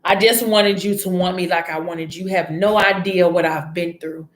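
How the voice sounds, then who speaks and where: A woman's voice: on the low side, steady tone, normal speed, natural voice. A woman voicing a hurt young woman who earnestly confesses to her ex, in an echoey room.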